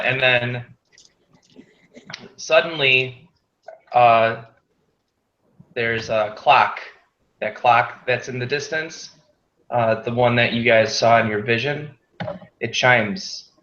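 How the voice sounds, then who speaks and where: Slow, hesitant male game master. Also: mid-range voice, a bit bright. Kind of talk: narrating a tabletop game. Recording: dull echoey room.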